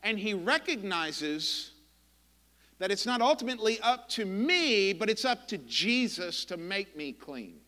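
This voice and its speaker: Male pastor, high and bright voice, slow deliberate impassioned sermon delivery. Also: sing-song, big-room sound. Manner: impassioned, emphatic preaching with dramatic pauses. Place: church sanctuary.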